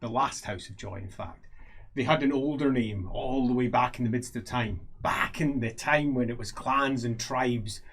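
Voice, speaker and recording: A man's voice: medium pitch, moderate pace, a bit bright, breathy edge. A man narrating a tabletop role-playing game as game master, in a playful storytelling manner.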